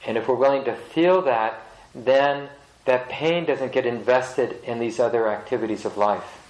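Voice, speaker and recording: Male meditation teacher, measured and reflective, mid pitch, echoing meeting room. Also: darkish tone. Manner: slow, measured, pausing to search for words. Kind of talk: reflective dharma talk to a group. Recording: roomy echo of a meeting hall.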